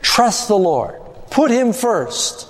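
A man's voice: high-pitched, big pitch swings, takes it slowly. A man preaching a sermon who asks the audience questions and then answers them himself. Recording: long hall reverb.

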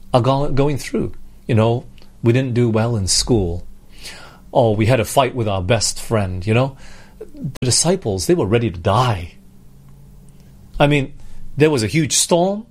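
Man, preacher, earnest sermon, rhetorical questions, mid-pitched voice. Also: animated, unhurried, long pauses, darkish tone. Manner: earnest, rhetorical questions, acts out pleading prayers.

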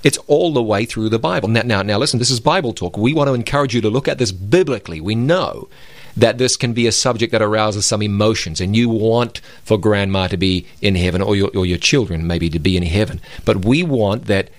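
A man's voice: fairly low pitch, a little fast, no room sound. Co-host of a bible program, man, emphatic, walks through verses, dry sound. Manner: emphatic, explains scripture step by step. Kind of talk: conversational religious broadcast.

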